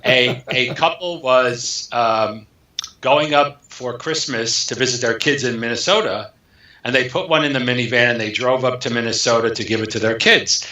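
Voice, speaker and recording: A man, an author guest in an interview, telling a story in an animated way and acting out the dialogue. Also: mid-range voice, normal speed. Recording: echoey, dull lo-fi sound.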